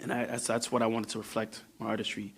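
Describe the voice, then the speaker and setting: A man's voice: on the low side, little pitch movement, fast talker, creaky, fairly bright tone, breathy edge. A man from New York, a guest musician on a podcast, talking reflectively and often trailing off while he searches for words. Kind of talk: casual podcast conversation.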